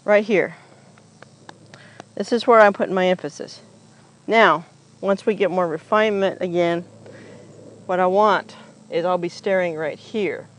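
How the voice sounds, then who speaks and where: In a rough recording from a camera sitting on the ground nearby, a horse trainer chats through an outdoor groundwork demo, talking the viewer through every step. The mid-range voice is a little slow and a bit bright, pausing often.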